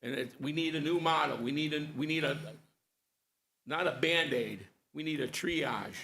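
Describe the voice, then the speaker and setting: A man's voice: fairly high pitch, moderate pace, vocal fry, sharp tone. A man on a school board arguing his point at a public meeting, emphatic and repetitive, stacking points one after another.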